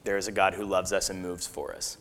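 A man preaching a sermon, telling a personal story in an earnest, halting way with fillers and restarts. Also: low voice, level tone, fairly bright tone, in a large hall.

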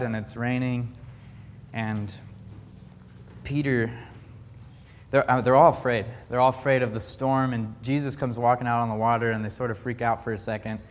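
A young man, a camp counselor, gives a heartfelt faith talk to a gathered group, halting and restarting many times as he looks for words. His mid-pitched voice trails a long reverb, as though filling a big hall.

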